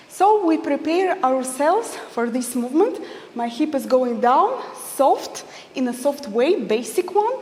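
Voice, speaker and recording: Dance teacher, female, high lively voice counting beats, slow delivery. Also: roomy sound, long reverb tail. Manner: counts beats aloud in a sing-song rhythm. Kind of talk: instructional dance lesson with counting.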